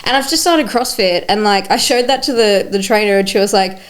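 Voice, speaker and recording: A woman's voice: medium pitch, a little fast. A woman hosting a podcast, asking questions in an upbeat, giggly, enthusiastic way. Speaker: podcast host. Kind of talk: casual chat.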